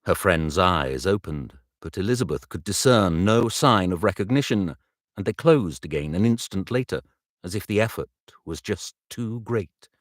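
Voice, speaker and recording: Deep-voiced man narrating an audiobook. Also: animated, dry recording, clean studio sound. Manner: slow, measured reading with retakes. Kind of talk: audiobook narration recorded live.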